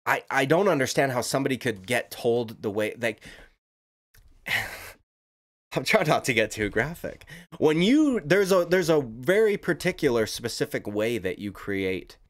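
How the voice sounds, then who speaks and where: A man's voice: on the low side, fairly bright tone. A man giving casual, profane, rambling commentary as a YouTube commentator, talking emphatically.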